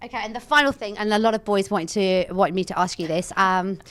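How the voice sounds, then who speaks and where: A young woman radio presenter interviewing a guest, bubbly and flattering, laughing often as she reads out listener questions. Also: medium pitch, brisk. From United Kingdom. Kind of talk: casual interview chat.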